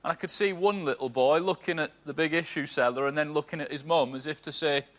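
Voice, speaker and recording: A man's voice: a little high, quick pace, fairly bright tone. Dry-voiced male comedian in his thirties. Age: 30s. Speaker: comedian panelist. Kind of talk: stand-up routine on a TV panel show.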